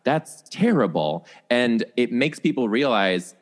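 An American man, a guest comedian, telling stories in a quick, animated, playful way on a casual podcast. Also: medium pitch.

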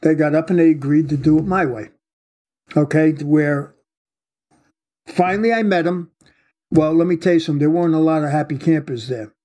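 A husky, slightly high-pitched man tells a story of his undercover days. He talks bluntly and swears freely, in a casual interview setting. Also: normal speed, long pauses. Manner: blunt, profane, animated storyteller. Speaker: retired undercover agent, guest.

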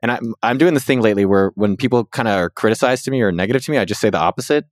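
A man in his thirties hosting a casual podcast chat, telling stories in an animated way and jumping up in pitch when he quotes people. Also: racing, no room sound, studio quality. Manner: animated storytelling, jumps up in pitch when quoting. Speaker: podcast host.

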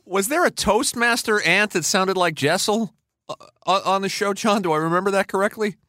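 A man's voice: sits high, moderate pace, sharp tone, no echo, studio quality. A man co-hosting an interview podcast, enthusiastic and asking well-researched questions. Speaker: podcast co-host. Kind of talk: casual interview chat.

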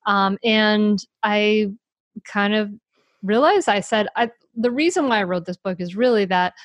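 A woman's voice: medium pitch, unhurried, no echo. Mid-aged woman chatting about her book, laughs a lot, trips over words, dry sound. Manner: animated, laughs often, many restarts. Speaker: author and parenting coach. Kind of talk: casual interview talk.

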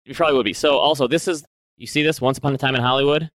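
A man's voice: medium pitch, very fast, dry recording. Chatty male podcast co-host, dry sound. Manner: relaxed, chatty, lots of "like" fillers. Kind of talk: casual chat.

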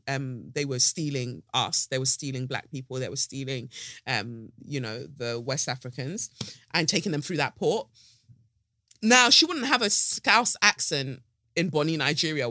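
Animated, playful woman podcast host. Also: rumbling low, dry recording, studio quality. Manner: animated, playful, swears freely. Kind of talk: casual monologue.

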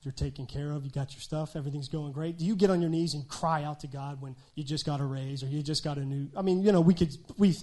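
A man preaching a sermon with a slightly high voice. He talks conversationally, tossing in frequent "right?" asides, and swings between loud emphasis and quiet, hushed remarks. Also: fairly even intonation, fast, hardly any pauses. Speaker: pastor.

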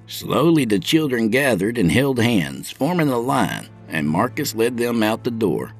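A man's voice: mid-range voice, very animated, a little slow, faint music behind. A man narrating a gritty first-person story, his storytelling vivid. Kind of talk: audiobook narration.

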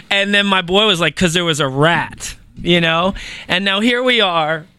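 A young man telling a story in a casual conversation, animated and slangy, with lots of swearing and fillers. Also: high voice, unhurried, smooth, no room sound.

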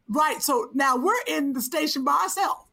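A woman co-hosting in casual chat, animated and emphatic, often exclaiming. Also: sits high, normal speed. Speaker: radio veteran and co-host.

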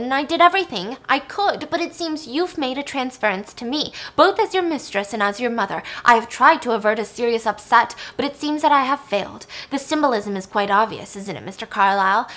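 A woman's voice: fairly high pitch, fairly bright tone. A woman voicing a cold, condescending female psychiatrist who taunts and belittles. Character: cold, mocking female psychiatrist, middle-aged.

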